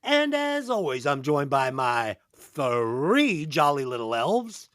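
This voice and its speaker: Animated, crude-joking podcast host man. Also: a little high, slow, no room sound. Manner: crude, joking, laughs often. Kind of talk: casual podcast banter.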